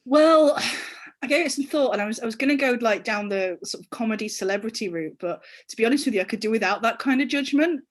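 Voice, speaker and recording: A woman, a comedian guest speaking in casual banter with a deadpan delivery. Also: on the high side, fast talker.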